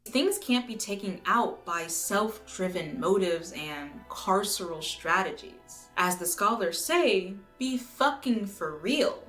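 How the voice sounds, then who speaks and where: A woman from the United States reading a scripted video essay in an earnest, measured way, now and then swearing for emphasis. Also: medium pitch, expressive, fairly bright tone. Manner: earnest, measured, occasionally profane. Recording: roomy echo with faint music.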